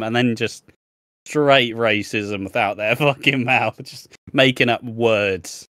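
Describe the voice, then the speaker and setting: A man's voice: medium pitch, slow pace, a bit bright, dry recording. A young man chats casually as a podcast co-host, telling rambling stories full of profanity and laughing at himself. His voice sits in a middling register. The sound is dry and close, with no room behind it. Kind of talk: casual chat.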